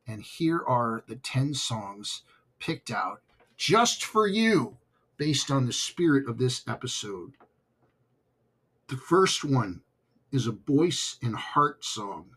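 A male podcast host talks unhurriedly, with a husky edge to his voice. His delivery is earnest and grateful, in a casual solo-show style. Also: mid-range voice, very animated, fairly bright tone. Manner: heartfelt and grateful, slow and earnest.

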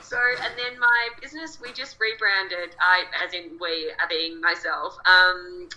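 Aussie woman coach on a video call, kinda low but super bright tone, bubbly. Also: steady tone, unhurried, rough recording. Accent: Australian. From Australia. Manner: chatty, bubbly, laughs often. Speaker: coach and guest. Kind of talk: casual interview chat.

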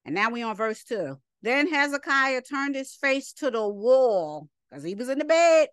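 High-voiced woman teaching scripture emphatically. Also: very animated, unhurried, clean tone, no room sound, clean studio sound. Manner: reads verses then comments emphatically, scolding and rhetorical. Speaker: Bible study teacher. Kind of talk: Sabbath scripture lesson.

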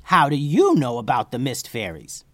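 A man voicing a bold adventurer witch woman who calls out in a high, raised voice. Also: huge pitch swings, moderate pace, a bit bright, no echo. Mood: wary to friendly.

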